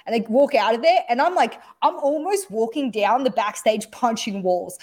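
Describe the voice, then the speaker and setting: Woman, esports broadcaster, casual storyteller. Animated, acts out every quote, swears a lot. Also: fairly high pitch, moderate pace, hardly any pauses.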